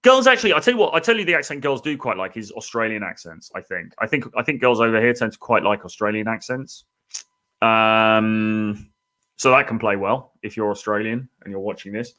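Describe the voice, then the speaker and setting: A man's voice: on the low side, expressive, a little fast, pushed and bright. A British man hosting a live Q&A as a dating coach, reading out viewer comments and thinking aloud in a loose, chatty way. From Britain.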